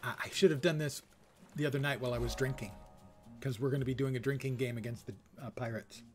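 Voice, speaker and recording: A man's voice: mid-range voice, quick pace, soft background music. Laid-back man streaming a game. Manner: relaxed, self-deprecating, reads game text aloud. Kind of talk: low-energy casual game commentary.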